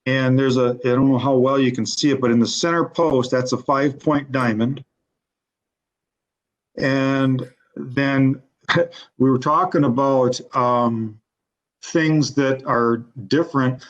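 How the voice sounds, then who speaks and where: A man who makes pens talking haltingly, with many fillers, on a video call panel. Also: medium pitch, fairly even intonation. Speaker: penmaker panelist. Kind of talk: casual panel discussion. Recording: dull, lo-fi audio.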